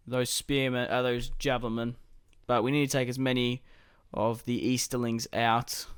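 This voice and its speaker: A man's voice: medium pitch, smooth, dry recording, studio quality. A man casually commenting on his strategy game as he plays, thinking aloud about his moves. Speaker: gaming YouTuber.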